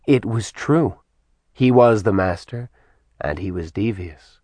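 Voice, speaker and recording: A man reading a novel aloud in measured, even scripted narration. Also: fairly low pitch, slightly rough, dry recording. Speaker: audiobook narrator.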